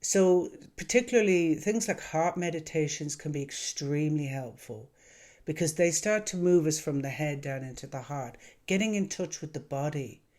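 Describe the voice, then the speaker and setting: A man who works as an emotional wellness coach, talking to camera in a gentle, earnest way with many pauses. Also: fairly high pitch. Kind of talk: calm reflective monologue to camera.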